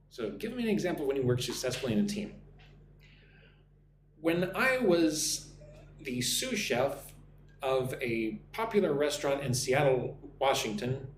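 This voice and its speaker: Guy teaching english live, reads the chat out, voice jumps around a lot, roomy sound w/ faint hum. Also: on the high side. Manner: lively, reads chat comments aloud and models answers. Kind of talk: live-stream English lesson.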